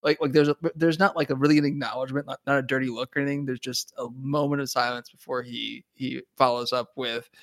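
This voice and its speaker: A man's voice: medium pitch, flat delivery, fast, few pauses, no echo. A man co-hosting a casual show, giving his chatty take and often laughing between thoughts. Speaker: podcast co-host. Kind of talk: casual chat.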